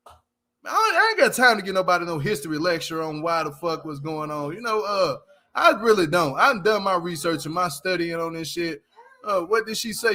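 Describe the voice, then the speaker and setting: Blunt rants and plenty of swearing come from a male commentary channel host with a high, sharp voice, who speaks straight to his viewers on his casual show.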